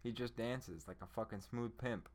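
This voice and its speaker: This young podcast host has a mid-range voice and a moderate pace, with slight background noise. He talks loosely about a movie, excitable and profane, swearing often and breaking into bursts of laughter.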